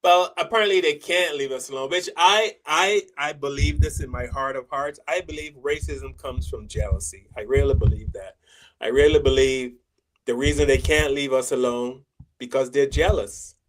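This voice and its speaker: A man's voice: mid-range voice, fairly even intonation, normal speed, a little hiss or hum, low-quality recording. A man from Barbados co-hosting a casual chat, talking earnestly and often asking whether he is understood. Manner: earnest, reflective, asks for agreement. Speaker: co-host.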